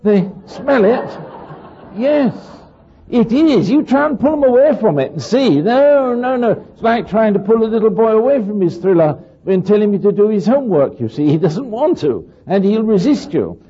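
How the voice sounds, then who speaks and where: A man's voice: high-pitched, sing-song, normal speed, dark tone, breathy edge, lo-fi sound. An older man giving a rambling, anecdotal talk to an audience, often asking his listeners questions and acting out little voices. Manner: chatty, asks listeners questions, acts out voices.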